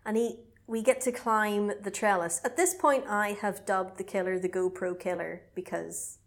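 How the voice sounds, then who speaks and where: A woman co-hosting a casual podcast, retelling a film in a chatty, animated way. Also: mid-range voice, moderate pace. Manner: chatty, animated storytelling with laughs. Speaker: podcast co-host recapping a film. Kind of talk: casual chat.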